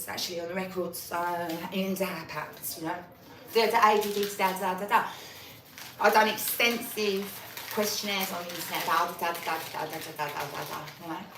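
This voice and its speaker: A woman's voice: fairly low pitch, fairly bright tone, a little hiss or hum. Rambling, swearing woman, echoey. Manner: restless, swearing, jumps between topics. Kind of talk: rambling monologue. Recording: echoey room from far off.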